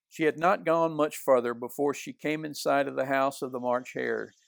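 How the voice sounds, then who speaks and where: A man reading a children's novel aloud in unhurried storybook narration. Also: medium pitch, steady tone, vocal fry, dry recording. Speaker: reader.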